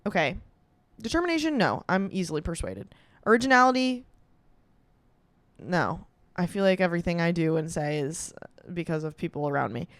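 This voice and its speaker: Lively, smooth-voiced young woman chatting. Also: on the low side, normal speed, no room sound. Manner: chatty, reactive, swears and laughs often. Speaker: comedian doing a quiz on camera. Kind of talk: casual solo chat.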